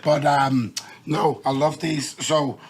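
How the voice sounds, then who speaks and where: A hoarse man with a Northern Irish accent, hosting a podcast and bantering casually with fillers. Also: fairly high pitch, fairly even intonation. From Northern Ireland. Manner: laid-back banter, drawn-out fillers. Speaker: podcast host. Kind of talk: casual chat.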